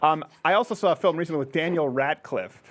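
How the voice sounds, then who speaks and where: A man's voice: fairly high pitch, fast talker, a little hiss or hum. A male talk show host joking and teasing his guests in casual banter. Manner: jokey, teasing, animated delivery.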